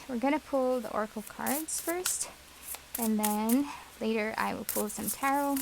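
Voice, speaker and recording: A woman reads tarot cards for her viewers in a gentle, reassuring way, often pausing on fillers. Her voice sits a little high and has a gravelly edge. A faint hiss runs under the recording. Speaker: tarot reader. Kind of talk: pick-a-card tarot reading.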